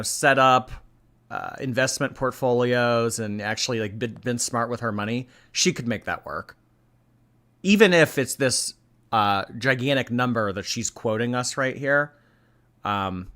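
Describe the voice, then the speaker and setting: A man's voice: medium pitch, normal speed, bright, forceful tone. A man hosting a casual reaction stream, reading chat and giving blunt, chatty opinions with casual swearing.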